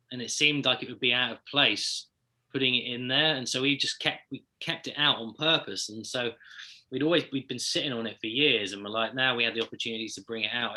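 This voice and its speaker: Easygoing musician guest with a London accent; a very bright voice at a middle pitch. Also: male voice. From United Kingdom. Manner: chatty, easygoing, laughs often. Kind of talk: casual interview chat.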